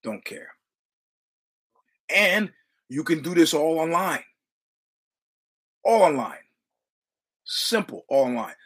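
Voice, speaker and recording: A man's voice: fairly high pitch, animated, takes it slowly, pauses often, fairly bright tone, slightly rough. A man hosting a podcast, telling a casual story with profane, repetitive, punchy delivery. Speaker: podcast host.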